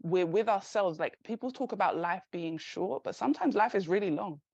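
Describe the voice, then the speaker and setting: A woman's voice: mid-range voice, animated, fairly quick, creaky, darkish tone, dry recording, highs cut off. A woman in her forties, a career and confidence coach, giving candid, encouraging advice as a guest in a podcast interview. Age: 40s. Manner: candid, encouraging, laughs easily.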